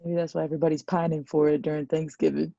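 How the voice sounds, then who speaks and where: A woman student in a cooking class banters with her instructor in a husky, gravelly voice. Her voice sits very low and dark for a woman. The recording is lo-fi, picked up from across the classroom. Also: little pitch movement, fast talker. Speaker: culinary student.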